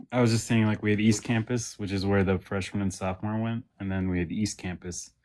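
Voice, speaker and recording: Man, low-ish voice, podcast co-host, casual chat, rambling, lots of fillers. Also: fairly even intonation, fairly quick, darkish tone. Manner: rambling, with many fillers and restarts.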